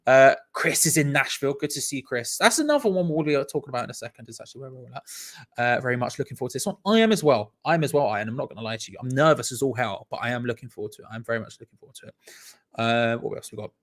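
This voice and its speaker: A man's voice: mid-range voice, expressive, fast talker, a bit bright. A man, hosting a live stream in an upbeat, chatty way and reading out viewers' comments. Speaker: host.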